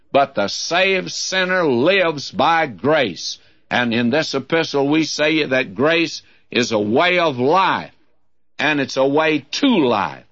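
Lively, unhurried preacher man. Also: fairly high pitch. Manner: emphatic, lively preaching cadence. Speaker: Bible teacher. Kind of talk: radio Bible teaching. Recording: dull lo-fi broadcast recording.

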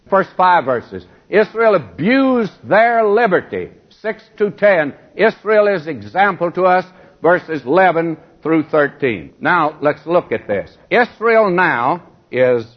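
Man, sermon, high lively voice, emphatic, slow pace, muffled recording. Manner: emphatic, slow, rhetorical questions to listeners. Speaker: preacher.

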